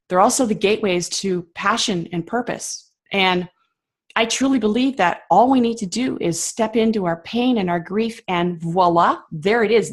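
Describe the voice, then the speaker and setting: A woman speaking as a guest in a conversational interview, talking passionately and emphatically with reflective pauses and fillers. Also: medium pitch.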